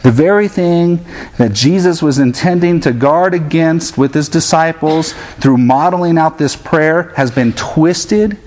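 Pastor in his thirties, earnest sermon delivery, slightly raised pitch, slips into his kids' voices for examples. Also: unhurried, darkish tone, a little hiss or hum. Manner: earnest preaching that puts on his children's voices in quotes.

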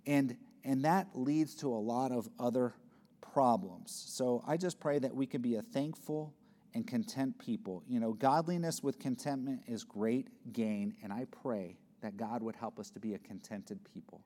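A man's voice: medium pitch, normal speed, mellow. Earnest conversational male preacher. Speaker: pastor. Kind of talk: sermon.

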